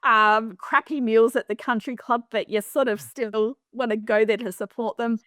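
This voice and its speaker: A middle-aged woman from Western Australia with an Australian accent, a property manager chatting as a podcast guest, animated and full of fillers and restarts. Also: a little high, moderate pace, no echo, studio quality. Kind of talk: casual interview storytelling.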